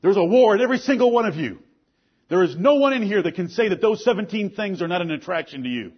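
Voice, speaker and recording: A man preaching a sermon with force, asking pointed questions and swinging between loud and low lines. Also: animated, fast, husky, dull audio. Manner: forceful preaching, rises and drops sharply, rhetorical questions. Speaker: pastor.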